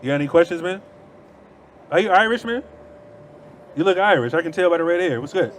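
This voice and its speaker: A man holds forth on a city street into a handheld mic, his voice sitting a little high. He argues hard and brushes his opponents off, repeating himself as the debate heats up. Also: lively intonation, brisk, a little hiss or hum. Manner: confrontational, dismissive, repeats himself. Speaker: street preacher.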